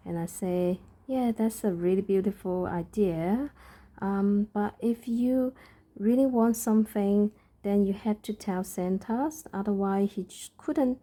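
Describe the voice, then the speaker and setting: Slow, very mellow-voiced woman. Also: mid-range voice, fairly even intonation. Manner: soft, thoughtful, hesitant with many pauses. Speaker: parent and crafter. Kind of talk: reflective chat while stitching.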